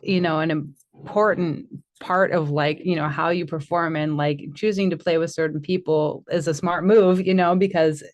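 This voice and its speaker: A woman's voice: low-pitched, steady tone, moderate pace, darkish tone. A woman hosting a radio interview, chatty and leaning on fillers. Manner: chatty, leans on "you know" and "like". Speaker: radio show host. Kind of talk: interview host.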